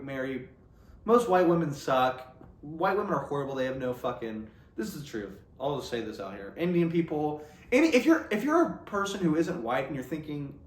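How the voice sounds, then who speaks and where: Young man, casual vlogger, rambling and self-interrupting, lively pitch, slightly high voice, roomy echo.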